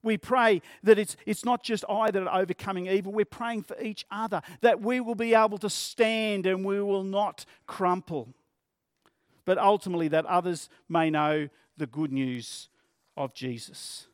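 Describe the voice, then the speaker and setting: Aussie pastor guy, fairly high voice, earnest sermon, dry close sound. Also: fairly even intonation, moderate pace, dry recording. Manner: earnest, plain-spoken, with vivid everyday examples.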